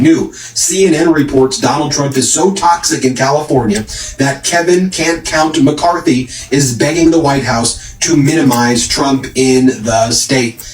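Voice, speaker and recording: A man hosts a political commentary video, reading out social media posts one after another. His voice sits at an ordinary middle pitch, and his emphatic, mocking delivery plays up the quoted lines. The room around him adds a noticeable echo. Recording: roomy echo.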